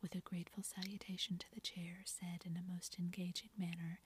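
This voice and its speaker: A woman narrating a classic story in a soft, steady whispered role-play. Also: fairly low pitch, brisk, hardly any pauses, slight background noise. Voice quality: breathy whisper.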